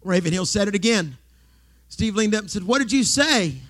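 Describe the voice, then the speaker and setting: A middle-aged male pastor preaching a sermon, dropping to hushed whispers and then rising to loud exclamations. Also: high-pitched, expressive, normal speed.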